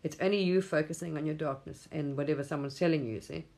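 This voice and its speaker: A woman's voice: low-pitched, quick pace, gravelly, darkish tone. A woman hosting a spiritual livestream, talking in a rambling, effusive way, often laughing and casually swearing.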